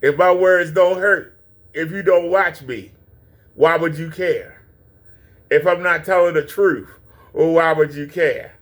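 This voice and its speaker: A man delivers a foul-mouthed rant full of taunts and insults aimed at someone he is watching. His voice sits a little high for a man. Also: measured pace, long pauses, fairly bright tone. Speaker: channel host reacting to a clip. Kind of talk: profane reaction rant.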